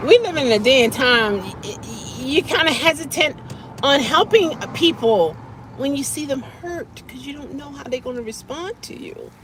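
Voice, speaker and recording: A woman chatting casually on a live stream from her car, animated and quick to laugh, sometimes dropping to a whisper. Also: high-pitched, background noise. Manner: animated, laughing often, drops to a whisper at times. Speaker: vlogger answering live chat.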